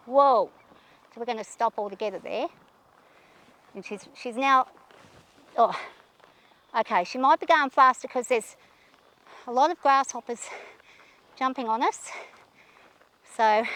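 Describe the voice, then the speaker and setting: A woman with a high voice talks while riding outdoors. She is shaky and anxious and keeps talking herself through her nerves. She speaks gently to calm her horse. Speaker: horse rider vlogger.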